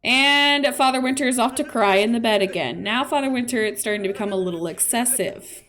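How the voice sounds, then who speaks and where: A woman's voice: on the high side, brisk, a bit bright. A woman streamer chatting playfully through casual gameplay commentary. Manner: chatty, playful, with laughs and fillers.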